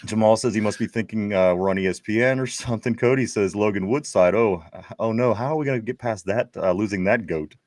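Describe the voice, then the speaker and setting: A man's voice: on the low side, quick pace, few pauses, a little mellow, no echo. A man hosting a casual sports talk show, reading viewer comments aloud in a chatty way with frequent restarts. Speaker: podcast host.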